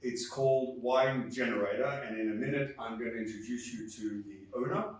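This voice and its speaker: A man's voice: medium pitch, brisk. Aussie guy hosting a wine vlog, chatty, um-heavy, sounds far off in a very echoey store. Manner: chatty and upbeat, many fillers. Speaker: wine presenter. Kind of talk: casual wine vlog presenting.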